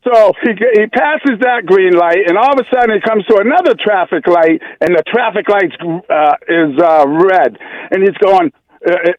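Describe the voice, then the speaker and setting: A man calling in to a radio show, telling a joke slowly and haltingly, repeating himself. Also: high-pitched, no echo. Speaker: caller. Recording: muffled phone line.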